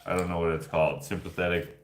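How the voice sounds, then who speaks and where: A man's voice: sits low, flat delivery, fast talker, background noise. A man vlogging and answering viewer questions in casual chat, rambling and jokey, laughing easily. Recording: echoey room.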